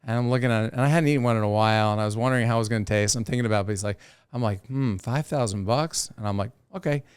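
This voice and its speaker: On a podcast, a South Florida man who fishes professionally spins casual tales from the sea, performing the voices of whoever he quotes. He talks very fast in a fairly low, clear, resonant voice captured at studio quality with no room sound.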